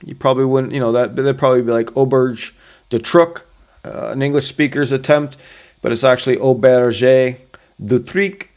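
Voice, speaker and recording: A Canadian man talking in a casual explainer vlog, carefully sounding out place names with many pauses and fillers. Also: mid-range voice, fairly even intonation. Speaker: solo hiker sharing advice.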